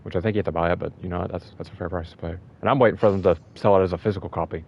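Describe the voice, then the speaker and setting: A man with a lowish voice chatting about games in a rambling, excitable way, tripping over his words and laughing often. The recording is dull and lo-fi, as if from a cheap mic. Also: racing, vocal fry, husky. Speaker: podcast co-host. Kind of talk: casual gaming chat.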